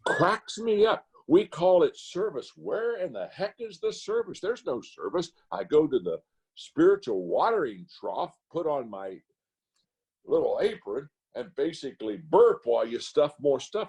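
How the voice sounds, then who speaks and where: Animated older man, husky preacher's voice. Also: a little slow. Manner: animated, rising to high emphatic rants. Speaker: pastor speaker. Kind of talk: roundtable talk, preacherly storytelling. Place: video call.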